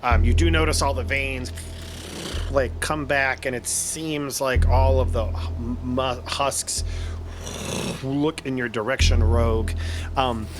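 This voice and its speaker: A man narrating as game master, relaxed and patiently explaining the rules. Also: medium pitch, slow pace, music in the background.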